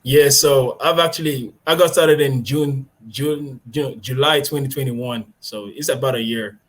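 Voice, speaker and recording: A young man from Nigeria in his twenties is a guest in an interview. He talks in a casual, halting way with lots of fillers and breaks into laughter easily. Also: medium pitch. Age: 20s. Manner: hesitant, many fillers, laughs easily, deliberately adjusted way of speaking.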